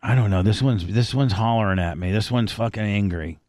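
A man's voice: lowish voice, fairly quick, darkish tone, no echo, studio quality. A man hosting a radio show, talking casually and crudely, rambling with many restarts.

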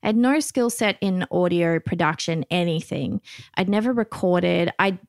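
A woman's voice: fairly low pitch, expressive, normal speed, no echo, studio quality. A woman with an Australian accent, a guest on a podcast, telling her story earnestly in casual chat.

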